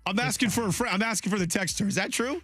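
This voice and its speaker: A man hosting a sports radio talk show, rambling and joking in a loose, animated way. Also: high-pitched, fast, dry recording, faint music behind. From Polish heritage.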